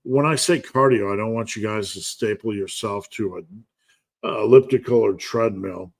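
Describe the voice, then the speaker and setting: A man's voice: on the low side, moderate pace, creaky. A man hosting a live podcast Q&A, reading viewer comments aloud and answering them in a casual, joking way with frequent laughs. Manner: laid-back, jokey, reads chat comments aloud and laughs often. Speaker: podcast host answering live chat questions.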